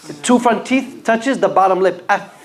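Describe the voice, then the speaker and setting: A man's voice: high-pitched, normal speed. A man teaching a class how to pronounce letters for Qur'an reading, patiently repeating each sound and quizzing his students. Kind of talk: classroom lesson on letter pronunciation. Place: mosque classroom.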